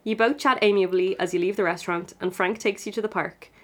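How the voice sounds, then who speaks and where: A young woman reads her own old fan fiction out loud, breaking into giggles and joking at her own expense. Her voice sits at a middle pitch for a woman, and her delivery is casual and playful. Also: steady tone, quick pace. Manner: giggly, self-mocking, laughing through the reading. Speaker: podcast co-host reading her old fan fiction aloud. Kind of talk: reading aloud with comic asides.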